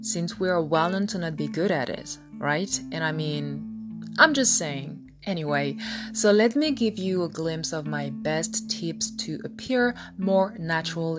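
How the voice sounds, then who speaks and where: A young French woman with a French accent, her voice sitting a little low, coaches English pronunciation in an upbeat podcast lesson. She slows down to repeat example words for the listener. Guitar music plays clearly underneath her. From France.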